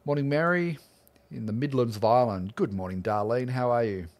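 A friendly middle-aged man with an Australian accent, talking casually to his livestream audience. His voice sits at a medium pitch and stays relaxed and chatty, like an art teacher warming up a weekly Q&A. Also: fairly quick. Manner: friendly, greets viewers one by one by name.

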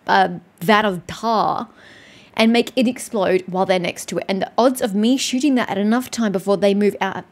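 A woman's voice: medium pitch, normal speed. A woman streamer commenting on her gameplay, exhausted and upset after crying, ranting with heavy swearing. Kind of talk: let's play commentary.

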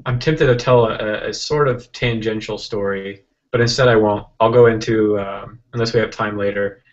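A man as an interview guest, telling a rambling, animated story with many restarts and acted-out quotes over a video call. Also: lowish voice, normal speed, muffled recording. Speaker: interview guest, software entrepreneur.

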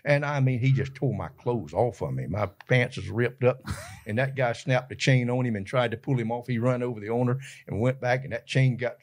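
A man's voice: mid-range voice, fairly quick. An older man with a Southern Georgia accent, a folksy interview guest telling colorful stories and often laughing mid-sentence. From Georgia, USA. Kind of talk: animated storytelling.

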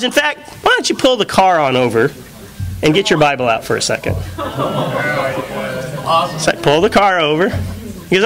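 A man preacher telling a story in a sermon, acting out a phone conversation with a friend, with the congregation heard behind him. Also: sits high. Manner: animated, acts out both sides of a phone call. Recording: live church recording with audience. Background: congregation laughing.

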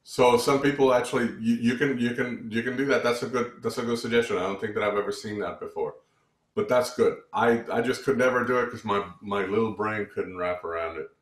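A man's voice: mid-range voice, fairly even intonation, fairly quick, reverberant. A man teaching music theory, explaining meter and counting beats aloud, with many restarts. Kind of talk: online music lesson.

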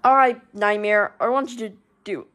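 A woman's voice: medium pitch, fairly even intonation, fairly bright tone, pitched below the performer's own voice, lightly acted. A woman voicing a strict dad who halts and stumbles while ordering his kid to do chores, in a homemade fan movie. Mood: stern. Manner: stern, halting, stumbling over words.

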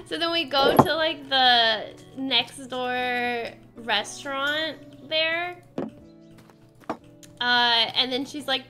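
A woman's voice: sits high, slow pace, music in the background. A woman streamer chatting casually over a simulation game, laughing often and exclaiming at what happens. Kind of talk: casual gameplay commentary.

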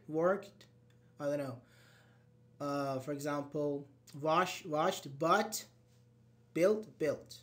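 A man teacher leads a live English grammar lesson. He keeps the students involved with quick questions, uh-huhs and short praise, and he spells out examples letter by letter. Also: a little high.

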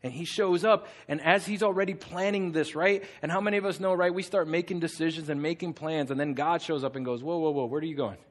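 High-voiced, animated male pastor. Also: fairly quick, few pauses. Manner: animated storytelling, conversational. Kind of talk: sermon.

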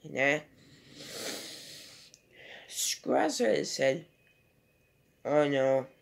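A man's voice: medium pitch, creaky, fairly bright tone. A man giving a casual home video movie review and retelling scenes in a rambling, loosely strung way.

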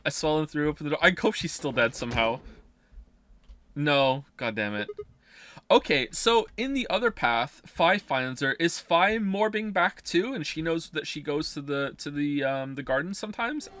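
A man's voice: on the high side, expressive, measured pace, fairly bright tone, slight background noise. Exasperated swearing male game streamer. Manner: exasperated, swearing, muttering to himself. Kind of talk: live gameplay commentary.

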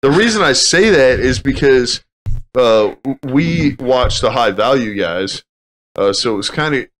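A man's voice: medium pitch, animated, a bit bright. Regular-voiced guy hosting a vet show, cracks jokes, a little background hiss. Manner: quick joking interjections, laughs along. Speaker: veteran podcast host. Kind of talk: casual chat.

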